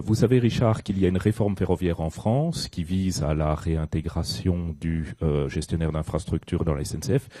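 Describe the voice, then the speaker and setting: A man's voice: low-pitched, mellow, slightly rough, no room sound. A man, president of a trade association, asking a panelist a polite, formal question from the audience. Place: conference hall.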